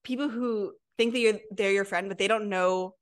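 Young female co-host, mid-pitched, earnest and rambling, casual talk. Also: fairly even intonation, normal speed, clean tone. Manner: earnest, filler-heavy, lots of "like". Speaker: podcast co-host. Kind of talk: casual chat.

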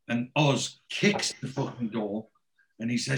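A man's voice: mid-range voice, moderate pace, a bit bright. A man in casual chat, rambling through a TV episode and quoting the characters in his own voice.

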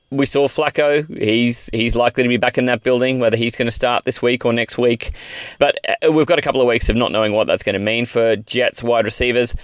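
A man's voice: mid-range voice, no echo. A man with an Australian accent hosting a podcast, talking in a chatty, upbeat, rambling way. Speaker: podcast host. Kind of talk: casual fantasy football podcast chat.

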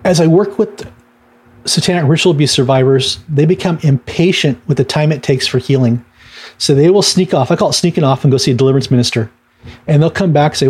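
A middle-aged man speaks as a minister in a relaxed, rambling teaching talk, full of ums and small laughs. His voice sits a touch high for a man, with a husky, slightly rough edge. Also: fast. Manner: conversational storytelling with laughs and fillers.

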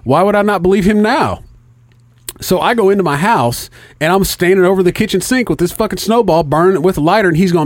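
A man's voice: high-pitched, fast talker, dry recording. A man telling a story in casual chat, swearing often and acting out both sides of the conversation. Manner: profane, animated storytelling.

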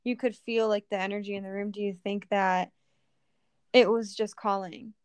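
A woman's voice: mid-range voice, steady tone, normal speed, clear, resonant tone, no echo. A woman hosting a podcast, asking thoughtful, hesitant questions with fillers. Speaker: podcast host. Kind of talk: casual interview.

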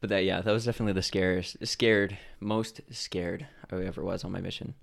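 A young man from Idaho, a podcast guest telling stories in a relaxed way, with lots of fillers. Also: sits low, brisk, vocal fry. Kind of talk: casual storytelling.

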